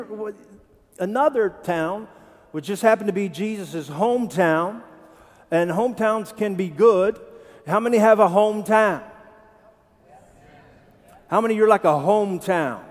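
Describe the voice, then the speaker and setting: A pastor preaching a sermon, animated and quizzing his congregation with questions. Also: high-pitched. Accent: Ohio. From Tennessee. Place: church sanctuary. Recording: church hall with long reverb.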